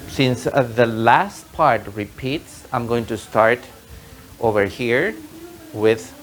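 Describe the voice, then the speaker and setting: A man's voice: medium pitch, slow pace, soft background music, poor audio. A man teaching an online tango lesson, patiently explaining and counting the rhythm aloud in a sing-song way.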